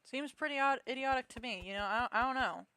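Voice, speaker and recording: A woman's voice: high-pitched, fast, pushed and bright. A young woman streaming a game, chatting casually and telling a rambling, self-mocking story full of restarts. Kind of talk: casual live-stream chat.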